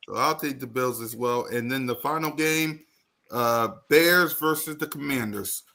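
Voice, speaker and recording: A man's voice: medium pitch, unhurried, sharp tone. A man hosting a casual sports podcast, moderating the talk and calling on his co-hosts in turn. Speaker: podcast host.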